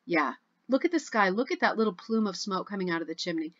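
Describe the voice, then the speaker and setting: A woman's voice: medium pitch, lively intonation, quick pace, a bit bright, muffled recording. A woman hosting a rug hooking club video, chatting at home in a gushing, chatty way as she reads and reacts to posts. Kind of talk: casual chat reviewing social media posts.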